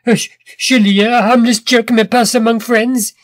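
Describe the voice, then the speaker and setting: A man voicing a sly, sneering male inventor who mocks his captives in smooth, cruel tones. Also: sits high, moderate pace, dry recording. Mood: babbling. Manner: smooth, mocking, then stammering when scared.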